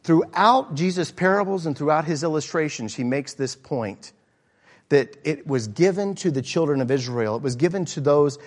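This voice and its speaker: A middle-aged pastor preaching an earnest sermon, often pausing with fillers and restarts. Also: male voice, fairly high pitch, lively intonation. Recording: hall reverb.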